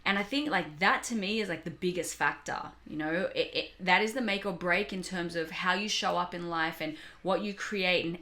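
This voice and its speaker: A woman's voice: fairly low pitch, moderate pace, hardly any pauses, pushed and bright. A young adult woman co-hosting a podcast, talking candidly and reflectively in casual chat. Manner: candid, reflective, laughs often. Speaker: podcast co-host.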